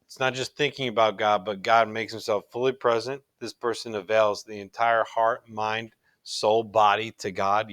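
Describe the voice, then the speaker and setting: A man's voice: on the low side, fairly bright tone, no room sound. A middle-aged man teaching a recorded religion class in an earnest, conversational way, often restarting his sentences.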